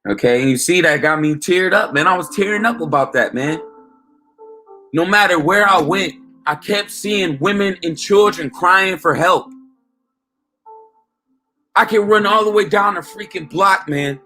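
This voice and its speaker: A man's voice: sits high, measured pace, pauses often, pushed and bright, faint music behind. A man preaching informally and emphatically, often saying "man" and asking "okay?" as he recounts a dream.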